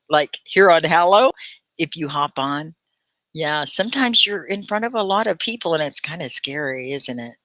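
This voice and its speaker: A woman hosting a live online English lesson, chatty and animated, laughing often and slowing down to stress key words. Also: sits low, dry recording. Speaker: ESL teacher and livestream host.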